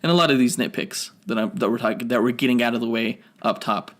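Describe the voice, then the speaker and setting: Quick and a bit bright at a medium pitch, this man co-hosts a podcast and chats loosely through a film review. He tends to ramble, self-correct, and dig into nerdy points.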